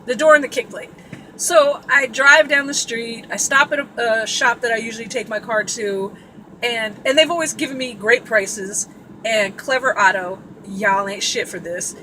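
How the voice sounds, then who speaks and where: A woman from Sacramento tells a story in a loose, chatty vlog style, blunt and full of cussing. Her voice is bright and sharp and sits a little high. A faint noise runs under it. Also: normal speed, rough recording. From Sacramento, California. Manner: blunt, profane and animated. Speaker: vlogger. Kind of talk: casual storytelling.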